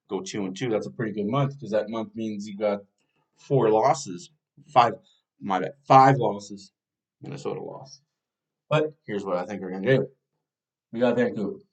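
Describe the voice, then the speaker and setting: A man's voice: lowish voice, darkish tone. A man hosting a fan podcast, casually previewing a hockey team's schedule and thinking aloud as he talks.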